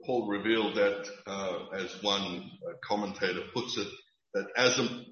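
A man preaching a sermon in an earnest, emphatic and measured way, with occasional restarts. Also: sits low, steady tone, a bit bright, roomy sound, lo-fi sound. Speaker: pastor.

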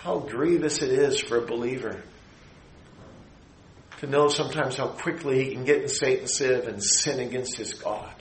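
A middle-aged man preaching a sermon, building his phrases to emphatic high peaks and then dropping low. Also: normal speed, roomy sound, a little hiss or hum, rough recording.

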